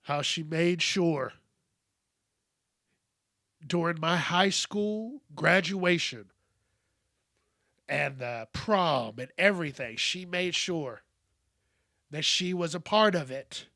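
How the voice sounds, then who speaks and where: A man hosting a podcast, speaking in a candid, reflective monologue that is full of cursing, with frequent pauses and soft trailing-off. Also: on the high side, dry recording, clean studio sound. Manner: candid, profane, pauses often and trails off softly. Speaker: podcast host.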